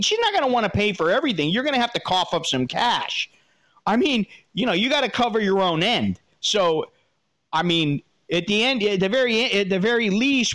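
A man hosting an advice talk, reading a listener's letter and answering with blunt, profane, animated rants. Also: high-pitched. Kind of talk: casual advice commentary.

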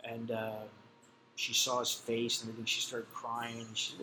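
A man's voice: mid-range voice, completely flat delivery, normal speed, background noise. A middle-aged man telling a personal story in a casual, blunt and profane way, full of fillers. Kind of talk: casual spoken anecdote.

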